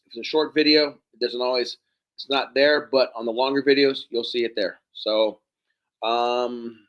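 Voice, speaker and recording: A man hosting a live stream, hoarse from hours of talking, thanking viewers one by one by name. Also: medium pitch, dull audio. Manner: thanks viewers by name, rambling and warm-hearted. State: hoarse, losing his voice. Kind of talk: casual live stream chat.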